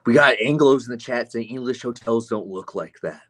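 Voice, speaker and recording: A man's voice: medium pitch, moderate pace, a bit bright. A man streaming live, reading chat comments aloud and answering them with sardonic, profane mockery. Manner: sardonic, mocking, profane asides.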